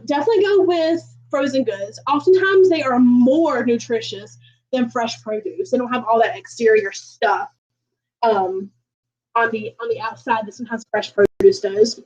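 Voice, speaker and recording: In a dull recording made from a distance, a woman with a voice that sits high talks at a moderate pace. She is hosting a home kitchen cooking livestream, chatting casually and folksily with viewers and using many ums.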